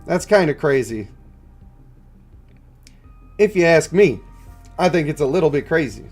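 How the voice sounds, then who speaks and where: A stuffed-up man live-streaming a mobile game, chatting in a low-key way and answering his chat. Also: lively intonation, unhurried, darkish tone, soft background music. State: congested, stuffed up. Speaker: gaming streamer.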